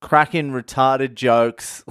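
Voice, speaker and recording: An Australian man tells a story in a loose, profanity-laden vlog rant, often laughing at himself. His voice is smooth and resonant at a middling pitch. The recording is close and dry, with almost no room sound. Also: slow pace, no echo. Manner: sweary, animated, laughing at himself. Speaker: vlogger. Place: indoors, at home.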